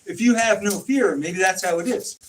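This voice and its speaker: A man telling stories in a casual chat, acting out quoted dialogue with animated swings in his delivery. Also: high-pitched, moderate pace. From California. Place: informal home conversation. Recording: distant mic with faint noise.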